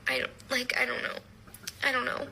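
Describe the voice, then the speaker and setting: Bright-voiced young woman telling a deadpan story. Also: sits high, a little fast, vocal fry, a little hiss or hum, rough recording. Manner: deadpan comic, rambling with restarts. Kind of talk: storytime vlog.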